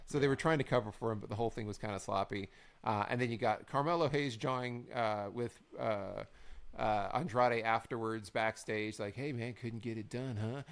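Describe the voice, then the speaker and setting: A man's voice: fairly low pitch, normal speed, a bit bright, clear, resonant tone. A man co-hosting a wrestling recap podcast in casual chat, wry and rambling, often quoting others in a mock-dramatic way. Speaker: podcast co-host.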